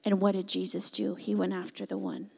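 A woman preaching a sermon, rising to impassioned shouts and falling back to a soft, pleading altar call. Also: mid-range voice, flat delivery, brisk, creaky, husky.

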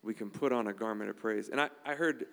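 A man's voice: on the low side, fast talker, gravelly, fairly bright tone, smooth, long reverb tail. A man preaching a sermon in a conversational, emphatic style, checking in with the congregation often. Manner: emphatic, conversational preaching with frequent "all right?" asides. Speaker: pastor.

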